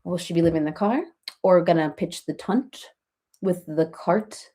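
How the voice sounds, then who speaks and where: A woman's voice: lowish voice, moderate pace, dark tone, voice pushed down, close to an everyday voice. A woman doing a gossipy reality-TV mom. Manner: gossipy, rambling, laughs through stories. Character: parody of a chatty reality-TV mom live-streaming. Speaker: comedian doing a parody live chat. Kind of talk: rambling live-stream chat, comic impression.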